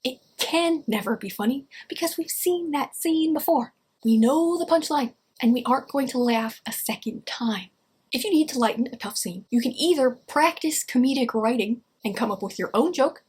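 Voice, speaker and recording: A woman with a slightly high, breathy voice talks casually to camera, giving writing tips. Her tone is chatty and wry, loose and conversational. She is full of offhand asides. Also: a little mellow. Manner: chatty and wry, with lots of fillers. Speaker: writing advice vlogger. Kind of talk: casual advice talk to camera.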